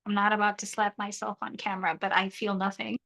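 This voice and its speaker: Bright, animated woman streaming. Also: medium pitch, quick pace, gravelly, rough recording. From South Africa. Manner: animated, joking, reads chat aloud. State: half her mouth numb after dental surgery. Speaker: YouTuber hosting a live stream. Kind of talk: casual live-stream chat.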